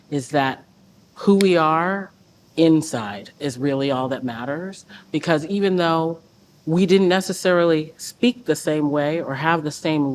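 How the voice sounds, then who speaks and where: A woman's voice: deep voice, a little hiss or hum. A woman guest from the United States telling a personal story in an earnest, reflective way, repeating phrases for emphasis.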